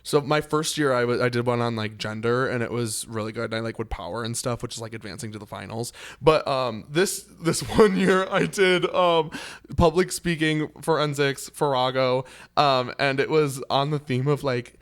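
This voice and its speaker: Young male podcast co-host, mid-pitched, casual and animated storyteller. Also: a little fast, clear, resonant tone. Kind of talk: casual chat.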